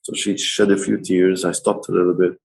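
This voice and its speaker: A middle-aged man with a fairly low voice tells stories as a guest tattoo artist. His delivery is animated and full of laughter. He speaks conversationally on a podcast. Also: brisk, creaky, poor audio. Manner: laughs often, lively retelling. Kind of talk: animated storytelling.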